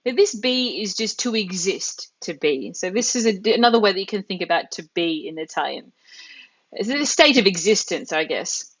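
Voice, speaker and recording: A woman's voice: mid-range voice, animated, moderate pace, fairly bright tone, slightly rough, lo-fi sound. A woman teaching an online language class live, patiently explaining step by step with examples. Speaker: Italian teacher.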